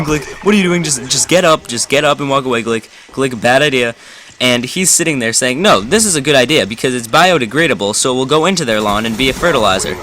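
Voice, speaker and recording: Bright-voiced young man telling a story. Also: mid-range voice, a little hiss or hum. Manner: rambling, amused, self-correcting. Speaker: gameplay commentator. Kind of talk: casual storytelling over gameplay.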